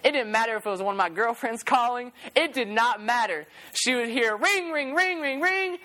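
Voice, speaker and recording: Her voice slightly high and her speed normal, a woman gives a sermon to a church youth group, full of animated storytelling and acted-out quotes.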